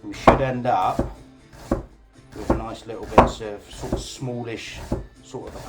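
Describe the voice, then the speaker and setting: A man's voice: mid-range voice, fairly even intonation, slow pace, long pauses, loud music behind the voice. A man hosting a casual live cooking class, chatty, jokey and informal as he demonstrates.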